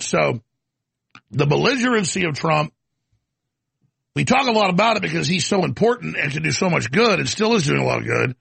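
Man, gravelly voice, bright, rambling commentary, stammers and restarts, dry studio sound. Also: fairly high pitch, very animated, brisk, dry recording. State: coughing, throat irritated. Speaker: show host. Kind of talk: off-the-cuff commentary monologue.

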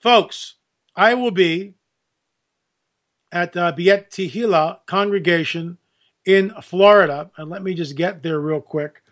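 Rambling high-voiced male radio host. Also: slow, pauses often. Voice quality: animated, rambling with restarts. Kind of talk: casual radio talk.

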